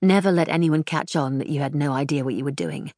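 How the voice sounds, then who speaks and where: Brief: audiobook narrator, woman with a deep voice, even and measured. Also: no echo, clean studio sound. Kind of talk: scripted narration.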